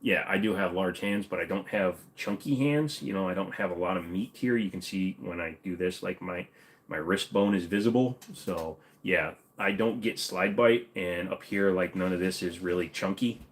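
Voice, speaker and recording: Minnesotan male host, very low voice, blunt opinions, casual Q&A. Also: moderate pace. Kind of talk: casual livestream Q&A.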